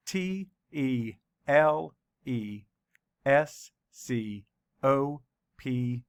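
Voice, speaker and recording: A male teacher leads a children's spelling lesson, saying each letter slowly and deliberately. His voice has a gravelly edge and a steady, unhurried pace. The sound is dry and close, with no room around it. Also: medium pitch, dry recording.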